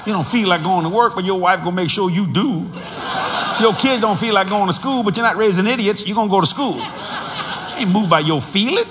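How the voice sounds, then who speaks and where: Animated older preacher in echoey hall. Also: male voice, high-pitched, noisy background. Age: 60s. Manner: animated storytelling with laughter and sudden shouts; drawn-out emphatic phrasing. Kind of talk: sermon.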